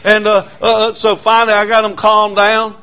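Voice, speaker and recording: A male preacher delivers a storytelling sermon. His voice sits high for a man, and his folksy, repetitive delivery grows loud when he is stirred. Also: monotone, normal speed, clear, resonant tone.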